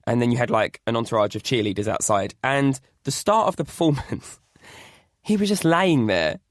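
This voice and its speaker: Male co-host, animated storyteller, laughs a lot, very expressive pitch, dry close mic. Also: moderate pace, dry recording. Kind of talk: casual chat.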